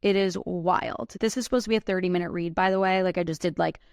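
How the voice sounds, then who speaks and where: A woman in her thirties hosts a podcast and tells a personal story in a loose, casual way, saying "like" constantly and swearing freely. Her voice sits a little low, her tone stays steady, and she talks fast. The recording is dry and close, with no room echo.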